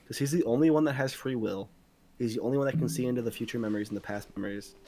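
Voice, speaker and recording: A man co-hosting a casual podcast, thinking out loud in a rambling way, swearing freely and speeding up when he gets excited. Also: medium pitch, rapid-fire. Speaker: podcast co-host. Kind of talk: casual chat among friends.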